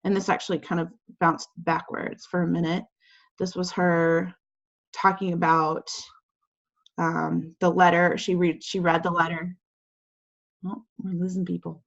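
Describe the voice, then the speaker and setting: A woman teacher explains quiz answers to her class in a loose, chatty way, full of fillers and little acted-out lines. Her voice sits fairly low and has a gravelly edge. The audio comes through a video call and sounds dull and lo-fi. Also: little pitch movement, a little slow. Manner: chatty, filler-heavy, acts out quotes. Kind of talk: casual lesson over video call.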